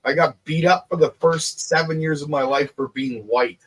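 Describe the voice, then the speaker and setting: Guy chatting about his inventions, fairly high voice, laughs a lot, kinda salty mouth. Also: moderate pace, slightly rough. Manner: animated and laughing, swears casually. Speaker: inventor and show guest. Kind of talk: casual group video chat.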